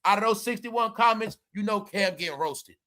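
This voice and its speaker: Animated high-voiced man ranting commentary. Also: moderate pace. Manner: animated, ranting, swings from low mutters to shouting. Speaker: commentary channel host. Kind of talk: casual entertainment commentary.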